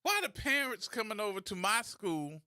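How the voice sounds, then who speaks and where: A man's voice: high-pitched, expressive, moderate pace, bright, forceful tone, no echo, clean studio sound. A man hosting a radio talk show, delivering opinionated commentary full of sarcastic rhetorical questions.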